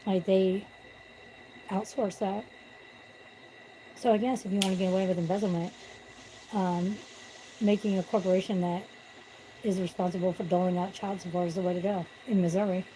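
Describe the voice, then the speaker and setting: A woman's voice: medium pitch, fairly even intonation, normal speed, pauses often, mellow, a little hiss or hum, rough recording. A woman on a casual livestream at home, venting bluntly and with swearing about corruption. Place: at home with pets.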